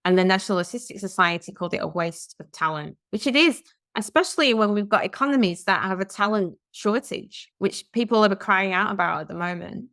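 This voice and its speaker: A woman's voice: medium pitch, expressive, fairly quick, fairly bright tone, no room sound, clean studio sound. A woman co-hosting a podcast, chatting and reading out news articles with her own comments. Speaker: podcast co-host. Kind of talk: casual discussion, reading out news stories.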